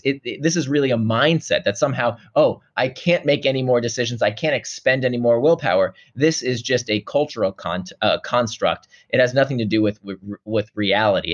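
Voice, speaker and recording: A man being interviewed as an author, explaining ideas with animated acted-out asides. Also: medium pitch, highs cut off. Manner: animated, acts out quoted feelings in a raised voice. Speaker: author guest.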